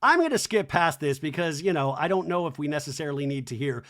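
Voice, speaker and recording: A man's voice: on the high side, lively intonation, fast talker, a bit bright. A man hosting a podcast, recapping a show in a rambling, casual way full of fillers and wry asides. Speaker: podcast host.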